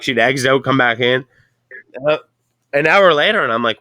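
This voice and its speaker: A man's voice: medium pitch, animated, brisk, pushed and bright, dry recording, clean studio sound. A man with a Canadian accent hosting a casual chat, telling a rambling story full of profanity. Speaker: podcast host.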